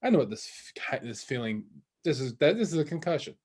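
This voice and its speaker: A man's voice: on the high side, big pitch swings, fast talker, a little mellow, slightly rough. A young man casually telling a long story on a podcast, rambling with lots of fillers and restarts. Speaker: podcast co-host. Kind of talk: casual chat.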